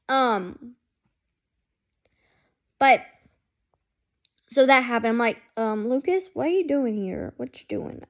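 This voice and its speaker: A woman chatting casually to her camera as a fan vlogger, rambling and saying "like" constantly. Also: high-pitched. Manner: rambling, heavy use of "like", chatty. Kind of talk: casual chat.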